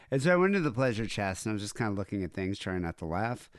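A man's voice: lowish voice, animated, racing, few pauses, no echo, clean studio sound. A man co-hosting a casual podcast chat, joking crudely and telling stories with animation. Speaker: podcast co-host.

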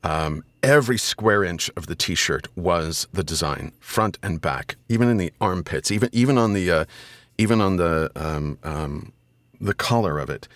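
A middle-aged man, an audiobook narrator, telling stories casually as a podcast guest, animated and swearing freely, with sudden loud high-pitched asides. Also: normal speed, no room sound. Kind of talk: casual storytelling interview.

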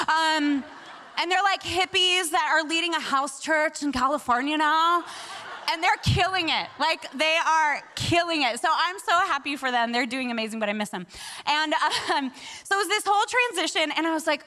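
A woman in her forties preaching a sermon, telling stories in an animated way and laughing often. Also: high voice, fairly quick. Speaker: pastor.

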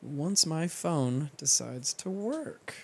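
A man's voice: a little high, expressive, slow, gravelly, breathy edge. A young man hosting a home podcast, talking in a laid-back, profane, chatty way. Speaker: podcast host. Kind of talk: casual podcast chat.

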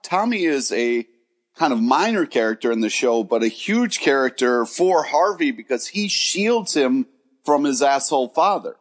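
A man co-hosting a casual podcast, easygoing and quick to laugh. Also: medium pitch, big pitch swings. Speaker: podcast co-host.

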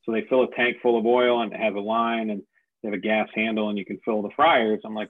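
A man's voice: lowish voice, little pitch movement, fast, no room sound. A man tells the story of his business in a loose, conversational way, circling back with fillers and restarts and laughing at himself now and then. The sound is dry and narrow, like a phone line. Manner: rambling, many fillers and restarts, self-deprecating laughs. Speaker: franchise owner telling his business story. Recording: dry, tinny phone-like audio.

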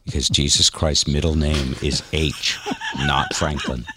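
A man co-hosting a podcast, telling stories in a casual, animated, self-mocking way. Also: very deep voice, measured pace. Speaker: podcast co-host. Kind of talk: casual storytelling chat.

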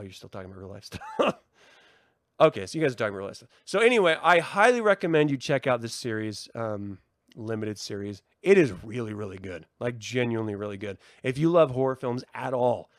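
A man hosting his own podcast, excitedly chatting, laughing and swearing often. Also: medium pitch, no room sound, clean studio sound. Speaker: podcast host. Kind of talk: casual podcast chat.

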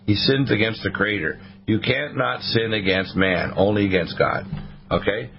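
A man's voice: lowish voice, normal speed, over music. Male talk radio host, preachy and rambling, slightly dull broadcast sound. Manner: rambling, sermon-like, quoting the Bible.

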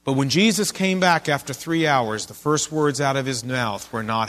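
Earnest male pastor preaching. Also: moderate pace. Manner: earnest, conversational preaching with soft, low passages. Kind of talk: sermon. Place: church.

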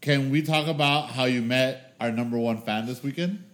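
A man's voice: mid-range voice, moderate pace. A man in his forties co-hosting a podcast, telling stories in casual chat with lots of laughter and swearing. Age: 40s. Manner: animated storytelling, laughs often, swears freely. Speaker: podcast co-host.

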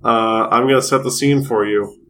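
A man co-hosting a casual podcast, making dry, deadpan jokes. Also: mid-range voice, moderate pace, a little hiss or hum. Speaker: podcast co-host.

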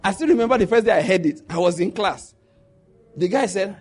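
A middle-aged Nigerian man with a Nigerian accent telling stories in a casual monologue, animated and laughing as he jumps into quoted pidgin. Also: high-pitched, moderate pace, slightly rough.

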